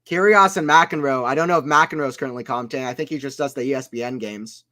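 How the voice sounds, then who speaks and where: A man giving casual play-by-play commentary on a tennis watchalong stream, chatting with viewers between points and getting loud on big shots. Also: medium pitch, quick pace. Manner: chatty, reads chat aloud between points.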